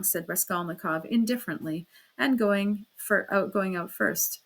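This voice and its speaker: A woman narrating a classic novel as an audiobook reader, in a steady storytelling manner. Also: moderate pace. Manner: steady storytelling, raises pitch and volume for quoted speech. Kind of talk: scripted narration.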